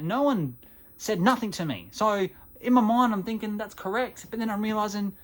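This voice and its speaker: A man's voice: high-pitched, expressive, brisk. An Australian man with a chatty, self-mocking manner, talking casually to camera as host of a gaming channel.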